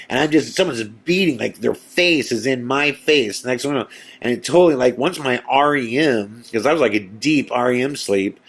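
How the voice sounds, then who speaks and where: A male podcast host retelling a spooky personal story in a casual, animated way, acting out his own and his friends' lines, with lots of fillers. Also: medium pitch, vocal fry, slightly rough. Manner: animated retelling with quoted dialogue, many fillers.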